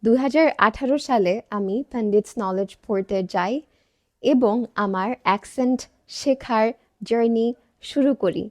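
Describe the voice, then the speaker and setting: A woman's voice: a little high, racing, a little mellow, no echo, clean studio sound. Earnest young woman telling her story. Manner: earnest, conversational, reflective. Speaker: English-speaking vlogger. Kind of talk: personal storytelling to camera.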